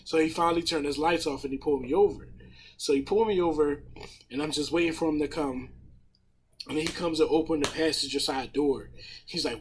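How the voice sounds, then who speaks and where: A man in casual podcast chat, retelling a story in a profane, animated way with a husky voice. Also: fairly high pitch, fairly quick, slight background noise. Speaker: podcast panelist.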